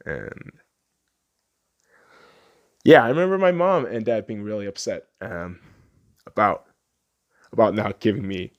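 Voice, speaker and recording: A man in his late twenties, a podcast host, swearing a lot and repeating himself as he tears up over a personal memory. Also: low voice. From Las Vegas, USA. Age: late 20s. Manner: profane, repetitive, tearful. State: tearing up. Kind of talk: emotional personal monologue.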